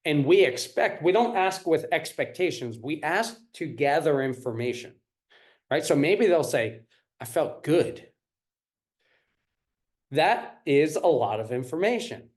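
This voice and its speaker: A man's voice: a little high, lively intonation, normal speed. A man teaching a live-streamed parenting class. He repeats his points and keeps checking in with the audience. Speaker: parenting coach.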